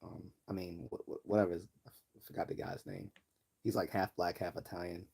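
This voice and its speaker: A man's voice: deep voice, flat delivery, fairly quick, gravelly, darkish tone, slightly rough. A man from Baltimore hosting a casual livestream, reading chat comments aloud and rambling with many fillers and restarts. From Baltimore, US East Coast. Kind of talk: casual live-stream chat.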